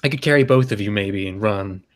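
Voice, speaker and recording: A man's voice: lowish voice, a little fast. A man playing a tabletop role-playing game, easygoing and speaking in character. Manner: easygoing, laughs often. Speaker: player.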